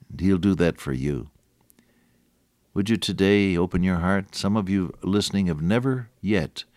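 Speaking in a fairly low voice, a man gives a radio sermon, his conversational storytelling, with chuckles and restarts, rising to earnest, emphatic points. The studio-quality recording has no room sound.

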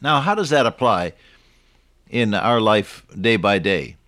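A man's voice: fairly low pitch, expressive, unhurried, a bit bright, no echo, clean studio sound. A man preaching a Bible teaching sermon in a conversational way, often asking his listeners rhetorical questions and chuckling at his own stories.

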